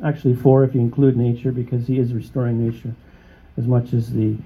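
A man preaching a sermon, emphatic and conversational, often checking in with his listeners and rising to high, excited exclamations. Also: fairly quick. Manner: conversational, with frequent check-ins to the congregation. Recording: dull, muffled lo-fi recording.

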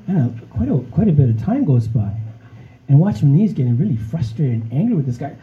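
A man's voice: on the high side, sing-song, a little fast, narrow, tinny audio, slight background noise. A man preaching a sermon in a conversational way, often checking in with "okay?" and addressing the congregation as friends. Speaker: pastor.

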